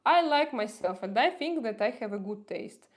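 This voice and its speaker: A woman's voice: on the high side, animated, moderate pace. Russian lady rambling on her livestream, heavy accent, lots of uhs and restarts. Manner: hesitant, many fillers and restarts, outspoken. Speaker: live-stream host. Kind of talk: casual live-stream chat reading viewer comments.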